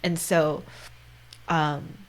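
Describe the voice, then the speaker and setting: A woman in her thirties with a slightly low voice, talking earnestly as a podcast host. Her delivery is soft and confiding, often sinking to a near whisper. She peppers her sentences with "like" and "right?". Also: steady tone, drawn-out words. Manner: heavy use of "like" and "right?". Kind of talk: casual conversation.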